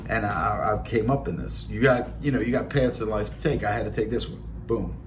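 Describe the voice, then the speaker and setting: A man's voice: fairly low pitch, brisk, noisy background. A man in his late forties with a Baltimore accent, telling rambling streetwise stories in a blunt, casual way. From Baltimore, Maryland. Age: 40s. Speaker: podcast host. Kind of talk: casual storytelling monologue.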